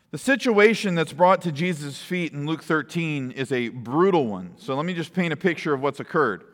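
A man's voice: a little high, a bit bright. A man preaching a sermon in a church, reading scripture and then explaining it in an earnest, conversational way with asides to the congregation. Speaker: pastor. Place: church sanctuary. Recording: long hall reverb.

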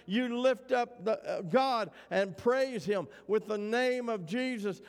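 A man preaching a sermon to a congregation, reading scripture aloud and calling for responses from the listeners. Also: high-pitched. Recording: long hall reverb.

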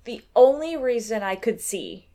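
Woman co-host, a bit high-pitched, casual, wry, offhand swearing. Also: animated, a little slow, mellow. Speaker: podcast co-host. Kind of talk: casual chat.

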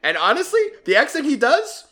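A man's voice: extremely high pitch, fairly quick. A man hosting a casual movie-review podcast, scoring his co-hosts' predictions and laughing often. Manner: laughs often, jokey and animated.

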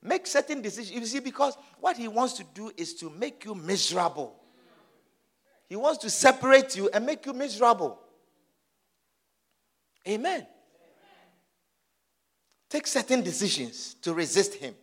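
A man's voice: high-pitched, big pitch swings, moderate pace, long pauses. A man preaching a sermon, urging his listeners with emphatic, repeated exhortations.

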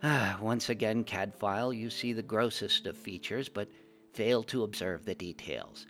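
A man voicing a clever, spirited young gnome woman engineer in a storybook reading, brisk and self-assured. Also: fairly low pitch, lively intonation, a bit bright, faint music behind. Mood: chiding.

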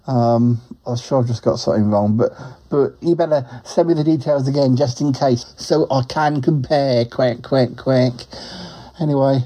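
Lightly acting in a mellow, medium-pitched voice at a moderate pace, a man voices a roving duck reporter. The comic monologue has the cheerful, chatty duck rambling, giggling and quacking at the ends of sentences.

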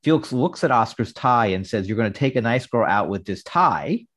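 Man briskly recapping a sitcom scene. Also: medium pitch, animated, fairly bright tone. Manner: reads out dialogue in a brisk recap. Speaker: podcast co-host. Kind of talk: casual chat, recapping an episode.

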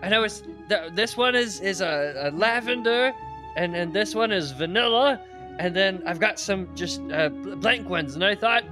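A man playing his character in a tabletop game, rambling excitedly with many restarts. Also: high voice, moderate pace, music in the background. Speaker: player. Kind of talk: tabletop role-play in character.

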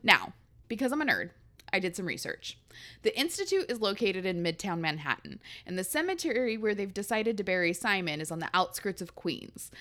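A woman hosts a chatty book podcast. Her voice sits fairly high and swings widely in pitch. She jokes, laughs often and swears freely. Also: fairly bright tone. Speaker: podcast host. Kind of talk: casual podcast chat.

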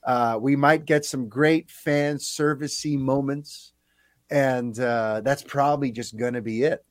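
A man's voice: mid-range voice, unhurried, dry recording. A man hosting a podcast, talking casually and animatedly with plenty of fillers. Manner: animated, chatty, lots of fillers. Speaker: podcast host.

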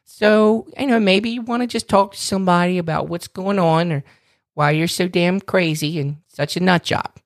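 A man's voice: sits high, normal speed, vocal fry, no echo, studio quality. A man from Maryland with a Baltimore accent, co-hosting a casual chat and getting worked up as he jokes. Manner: animated, gets worked up, joking. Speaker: podcast co-host.

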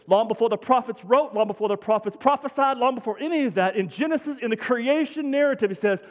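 High-voiced preacher in a big hall. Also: male voice, fast, few pauses. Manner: energetic, conversational preaching with emphatic repetition. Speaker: pastor. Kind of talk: sermon.

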